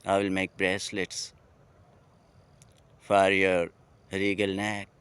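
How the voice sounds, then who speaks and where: A man with a Pakistani English accent talks in a slow, unhurried way, lingering on each phrase. His lowish voice sounds smooth and clear as he muses aloud in a poetic, heartfelt monologue outdoors at night. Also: monotone, fairly bright tone. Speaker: vlogger.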